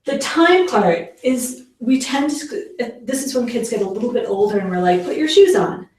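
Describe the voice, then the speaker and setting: A woman's voice: on the high side, expressive, normal speed, darkish tone. A woman giving a casual workshop talk to parents as a parenting educator, chatty with lots of fillers and acting out the lines she quotes. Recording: very echoey room, mic far off.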